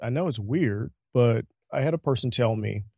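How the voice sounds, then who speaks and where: A man's voice: medium pitch, normal speed, gravelly, dry recording, studio quality. A man speaking as a podcast guest and networking coach, telling chatty stories and acting out the people in them. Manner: chatty storyteller, animated quoted dialogue. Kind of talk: casual interview talk.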